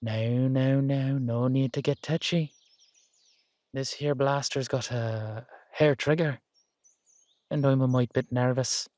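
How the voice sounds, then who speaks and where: A man's voice: medium pitch, fairly even intonation, slow pace, darkish tone, no echo, lightly acted. A man voicing a wary older Irish uncle, a retired safecracker, with a sly, teasing drawl. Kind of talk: audio drama acting.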